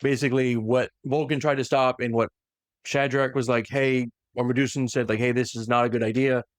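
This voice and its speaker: A man in an easy, animated podcast chat, walking a co-host through a story and dropping into quick impressions of the characters. His voice sits in a middle range, and the recording is dry and close with no room sound. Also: medium pitch, no echo. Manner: animated retelling that slips into quick voiced quotes. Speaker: podcast host recapping lore. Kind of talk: casual lore recap chat.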